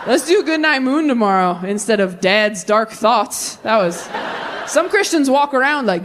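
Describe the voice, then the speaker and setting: Woman doing stand-up, high-pitched, deadpan. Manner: quick deadpan punchlines, high animated voices for quoted people. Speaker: stand-up comedian. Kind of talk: stand-up comedy set. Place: comedy stage before a live audience.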